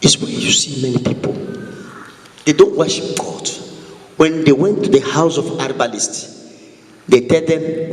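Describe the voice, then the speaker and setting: A male pastor preaching a sermon, calling out questions for the congregation to answer and jumping high in pitch. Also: moderate pace. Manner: call-and-response preaching with sudden high pitch. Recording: echoey hall, slightly distant.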